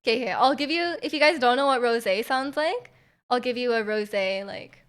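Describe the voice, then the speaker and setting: A woman's voice: fairly high pitch, normal speed, clear, resonant tone. A woman streamer chatting casually with viewers, full of fillers and giggles, her throat a little off. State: throat feels off.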